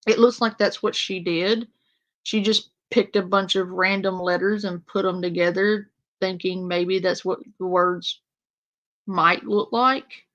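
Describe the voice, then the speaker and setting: Slow, exasperated woman ranting. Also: lowish voice, steady tone, fairly bright tone, rough recording. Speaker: panel guest. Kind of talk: casual commentary.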